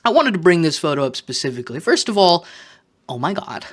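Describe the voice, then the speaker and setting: A man talking straight to camera in a confessional vlog, self-mocking, jumping between loud joking outbursts and quiet muttered asides. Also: on the high side, big pitch swings, brisk. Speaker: vlogger.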